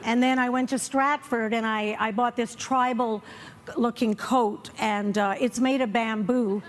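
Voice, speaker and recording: An older woman doing a live stand-up set on stage, wry and self-mocking, slipping into quick character asides. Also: fairly high pitch, fairly even intonation. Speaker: stand-up comedian. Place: comedy festival stage before a live audience.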